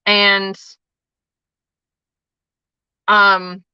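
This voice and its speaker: A woman's voice: mid-range voice, completely flat delivery, extremely slow, clear, resonant tone, no echo, muffled recording. A woman hosting a casual live stream, rambling through chatty stories and swearing now and then. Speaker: livestream host and tarot reader.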